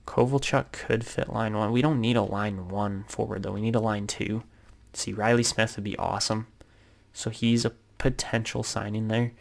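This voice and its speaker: Young guy, kinda low gravelly voice, chill gaming commentary, lots of ums. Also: normal speed. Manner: relaxed, thinking aloud with many fillers. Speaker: gaming YouTuber. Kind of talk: casual gameplay commentary.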